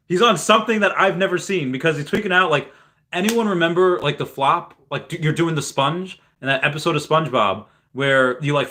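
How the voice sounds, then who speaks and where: A young man chats loosely on his livestream, his voice bright and forward. He rambles through stories with plenty of fillers and false starts, then reads viewers' messages aloud and answers them. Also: on the high side, slight background noise. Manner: rambling, many fillers and restarts. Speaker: livestream host. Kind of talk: casual livestream chat.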